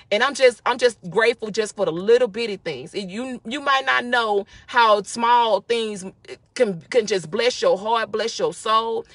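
A woman hosting a casual devotional talk, speaking with excitement and emphatic repetition. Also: a little high, no echo. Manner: excited, emphatic, with repeated phrases.

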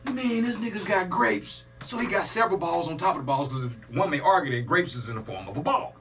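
Animated man joking through a reaction. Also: fairly high pitch, fast, slight background noise. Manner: animated, joking, profane, talks to his audience. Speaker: reaction video host. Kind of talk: casual reaction commentary.

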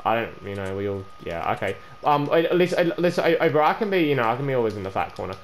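A man's voice: medium pitch, big pitch swings, fast talker, slight background noise. A young man, a gaming YouTuber, chatting casually during an online trade prank, stammering and repeating himself and calling the other player "bro" and "man".

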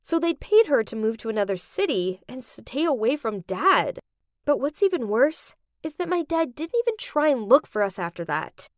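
A young woman narrating an animated story in the first person, dramatic and expressive. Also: high-pitched, moderate pace, dry recording, clean studio sound.

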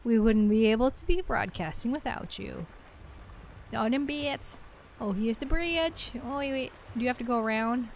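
A woman hosting a live game stream, chatting and reacting loudly to what happens in the game. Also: a little high, animated, moderate pace, gravelly, slight background noise. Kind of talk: live gameplay stream chat.

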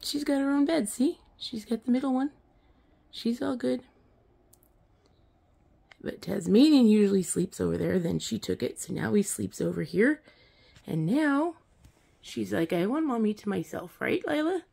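A woman's voice: a little high, animated, unhurried, gravelly, pauses often, warm tone, husky. A woman filming her cats on a phone, chatting to them affectionately in a casual pet vlog. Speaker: vlogger.

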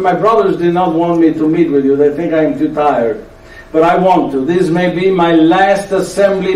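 Actor as an aging friar, weary but joking, Italian accent, high voice, teasing "yes?" asides, echoey church, mic far off. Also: male voice, a little mellow, slight background noise, close to an everyday voice. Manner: teasing storyteller who keeps asking "yes?". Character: aging frail male friar, tired but playful joker. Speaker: actor performing a one-man show. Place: church hall before a live audience.

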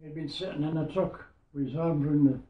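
In this oral history interview, a Scottish veteran in his nineties rambles through memories of the war, leaning on the phrase "I says." His voice is fairly high, mellow and steady at a normal speed, and the audio sounds echoey and tinny, phone-like.

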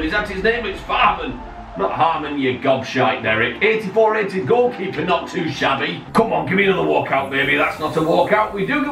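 A man hosting a gaming video, giving excited pack-opening commentary, often shouting and swearing at the game. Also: high-pitched, gravelly. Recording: roomy distant mic with faint music.

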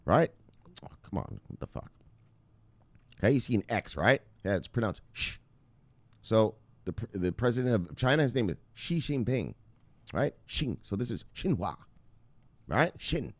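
A man hosting a casual crypto news vlog, excitable and profane, with frequent laughing asides. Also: fairly low pitch, normal speed, no echo. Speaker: host.

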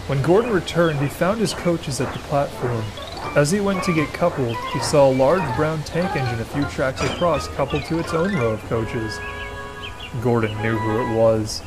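A man narrating a storybook about steam engines in a gentle, measured manner. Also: mid-range voice, music in the background.

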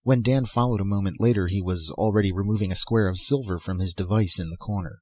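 A man reading a science fiction story aloud as an audiobook narrator, in a measured storytelling manner. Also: low-pitched, darkish tone. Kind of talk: scripted narration.

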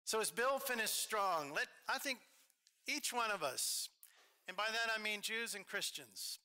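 Bright-toned man with an Alabama accent. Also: high voice, lively intonation, measured pace. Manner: storytelling, warm asides, hesitant fillers. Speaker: officiant. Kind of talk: eulogy at a memorial service. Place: church.

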